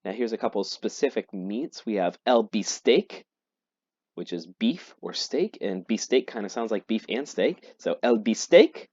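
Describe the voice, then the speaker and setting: A man teaching a vocabulary lesson, explaining and repeating each word slowly. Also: fairly low pitch, expressive, darkish tone, husky, dry recording. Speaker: Spanish teacher. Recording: dull lo-fi dry recording.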